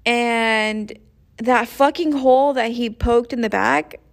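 A woman's voice: a little high, steady tone, slow, gravelly. A young woman casually retelling a story in a rambling, profane way, full of slang and fillers. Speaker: show recapper. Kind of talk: casual plot recap.

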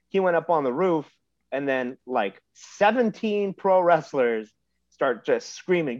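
A man tells stories in a relaxed, rambling way, leaning on fillers as he goes. His voice sits on the higher side. The sound is dull and dry, with a lo-fi edge. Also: a little slow, dry recording. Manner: relaxed, laid-back storytelling with lots of fillers. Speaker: podcast guest, pro wrestler. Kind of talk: casual storytelling chat.

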